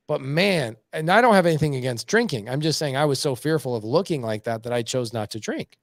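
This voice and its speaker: A middle-aged man telling blunt, animated stories as a podcast guest. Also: mid-range voice, a little fast, creaky, no echo, clean studio sound. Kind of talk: casual podcast conversation.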